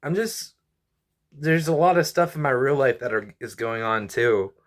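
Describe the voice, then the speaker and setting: With lively intonation, a medium pitch and normal speed, a YouTuber and comedian in his twenties unloads to the camera. His talk rambles, and he sounds stressed and weary, sighing often and apologizing along the way.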